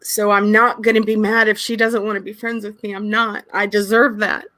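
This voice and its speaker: A woman hosting a live stream, sniffling and tearful as she gives an earnest, halting apology. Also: medium pitch, level tone, bright, forceful tone.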